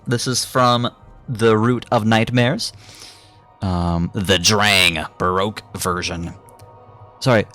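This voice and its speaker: A man's voice: on the low side, fairly bright tone. A young adult man giving a casual, rambling gaming commentary, swearing freely and filling his talk with ums and uhs. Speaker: gaming YouTuber.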